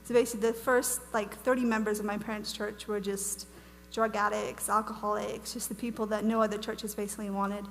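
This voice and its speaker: A woman's voice: medium pitch, flat delivery, brisk, soft background music. A young woman from Wales who now speaks with an American accent, giving a bubbly, chatty testimony as a guest speaker at a church conference, full of fillers and restarts. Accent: American, lost her Welsh accent. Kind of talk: casual testimony talk at a conference. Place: church hall. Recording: reverberant hall, faint hum.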